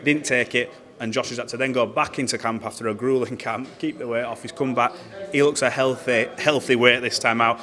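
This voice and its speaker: A man's voice: mid-range voice, fairly even intonation, fairly quick. A man interviewing a boxer at an event, chatty and teasing, asking long rambling questions. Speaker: boxing interviewer. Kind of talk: casual interview. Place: busy boxing arena. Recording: loud arena crowd behind.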